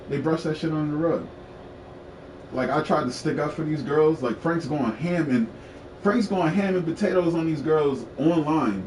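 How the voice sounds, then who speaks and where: A man's voice: fairly high pitch, darkish tone, a little hiss or hum. A man telling his story in a frank, profane casual rant, repeating himself for emphasis. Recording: echoey room, mic at a distance, faint ambience.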